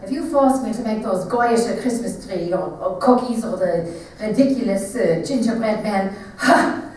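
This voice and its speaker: A woman in a one-woman stage show voicing a stubborn, warm German-Jewish mother with a German accent, lively and pleading. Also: medium pitch, moderate pace, a little hiss or hum, pitched below the performer's own voice, close to an everyday voice. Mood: exasperated. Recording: echoey theater from far off.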